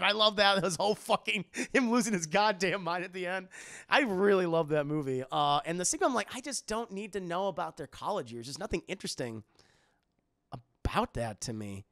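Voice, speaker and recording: Young male streamer, high lively voice, gravelly edges, bright and dry, rambling and profane. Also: brisk, no echo. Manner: rambling, profane, excitable, answers chat. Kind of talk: casual live-stream chat.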